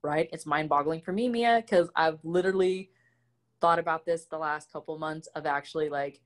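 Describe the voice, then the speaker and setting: A woman speaking as an interview guest in a casual conversation, candid and expressive as she tells personal stories. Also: deep voice, normal speed. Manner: candid and expressive, animated storytelling.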